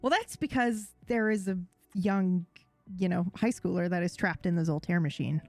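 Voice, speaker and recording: A woman's voice: lowish voice, moderate pace, no echo, faint music behind. A woman co-hosting a casual chat podcast, talking in an enthusiastic, gushing way. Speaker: podcast co-host.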